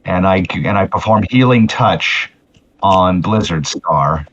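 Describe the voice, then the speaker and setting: A man's voice: deep voice, animated, takes it slowly, a bit bright, pitched below the performer's own voice, full character voice. A man voicing an earnest pony healer with a solemn manner who often restarts his phrases, in a tabletop game. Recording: muffled lo-fi audio.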